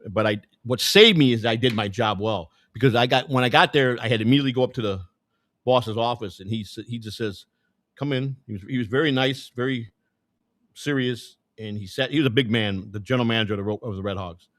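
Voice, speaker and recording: A man's voice: medium pitch, quick pace, fairly bright tone, dry recording. A man hosting his own show, telling a long personal story in a loose, rambling way, swearing often and restarting his sentences. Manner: rambling, profane, repeats words and restarts. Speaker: show host. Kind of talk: casual storytelling.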